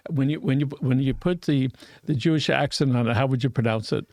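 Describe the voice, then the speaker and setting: Male interviewer with a gravelly voice. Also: medium pitch, brisk, darkish tone, no room sound. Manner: friendly, rambling questions. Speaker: interview host. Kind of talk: conversational interview.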